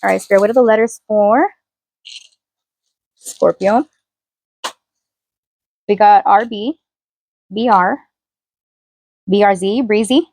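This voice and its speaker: A woman in a casual tarot reading, talking loosely and chattily with plenty of fillers. Her voice sits at an ordinary middle pitch, and the sound is close and dry with no room around it. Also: normal speed, long pauses, a little mellow, no room sound. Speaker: tarot reader.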